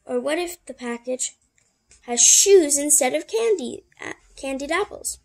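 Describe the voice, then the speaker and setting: A woman's voice: high voice, animated, a little slow, creaky, darkish tone, voice pushed up, exaggerated voice. A woman voicing a cautious, fearful father cat in a picture book.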